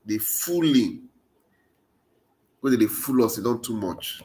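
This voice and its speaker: In a slow, mellow, medium-pitched voice that stays animated, a political commentator with a Nigerian Pidgin accent delivers a passionate monologue. He repeats rallying phrases to stir his listeners.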